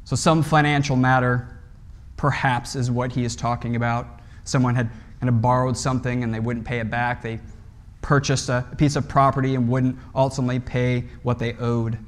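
A man's voice: mid-range voice, little pitch movement, moderate pace. A man preaching a sermon in a conversational way, often checking in with "right?" and restarting phrases as he explains a passage. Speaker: pastor.

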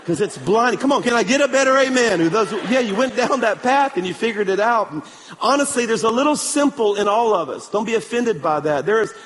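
High-voiced man preaching in an echoey hall. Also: a little fast, a little hiss or hum. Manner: animated storytelling, calls for amen. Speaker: pastor. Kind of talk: sermon.

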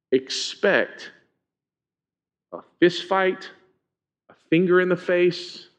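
A man preaching a conversational sermon as pastor, speaking informally and often asking the congregation questions. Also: medium pitch. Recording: dull lo-fi sound.

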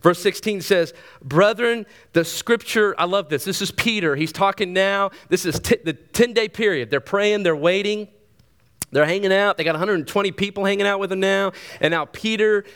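Animated man preaching a sermon. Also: high voice, smooth. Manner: animated, conversational preaching with quick asides and repeated words. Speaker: pastor.

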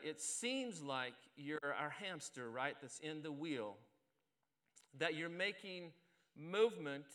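A man's voice: fairly high pitch, pushed and bright, clean tone. A middle-aged man, a pastor, preaching a sermon and telling a self-deprecating story in a conversational way at a church service.

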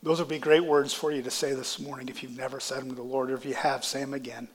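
A man's voice: mid-range voice, level tone, fast, long reverb tail. A male pastor delivering a sermon with a congested, stuffy voice, building to impassioned climaxes. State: congested sinuses. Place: church sanctuary.

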